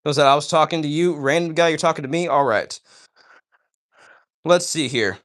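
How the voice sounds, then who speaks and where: A man hosts a casual livestream in a slightly high, fairly bright voice at normal speed. He speaks directly to viewers, reading chat aloud, with an enthusiastic, preachy tone and frequent "all right?" check-ins.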